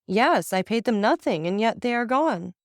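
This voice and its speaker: A despairing young man speaks in a pleading, bitter voice, pitched a touch higher than the narration, as a woman reads him aloud. It is an audiobook with dry, close sound. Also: animated, moderate pace, dry recording. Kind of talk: audiobook reading.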